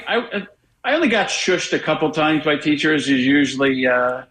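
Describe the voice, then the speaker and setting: A man's voice: a little high, animated, normal speed, a bit bright, low-quality recording. A man from Wisconsin, a comedian guest on a radio show, chatting casually and rambling with stammered restarts. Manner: rambling, self-deprecating, restarts with stammered repeats. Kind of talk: casual radio interview chat.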